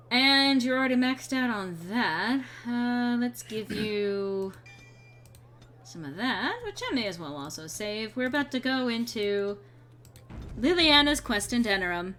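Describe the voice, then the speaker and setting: A woman's voice: fairly high pitch, expressive, slow, pauses often, bright, forceful tone, soft background music. Chatty young woman streaming a game. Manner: chatty, rambling, clears her throat often. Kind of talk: casual gameplay commentary.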